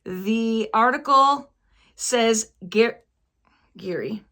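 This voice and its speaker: A woman's voice: fairly high pitch, very slow, pushed and bright. Chatty woman recapping a TV show. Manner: chatty, acts out quotes in passing. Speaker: TV recap vlogger. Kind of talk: casual chat recap.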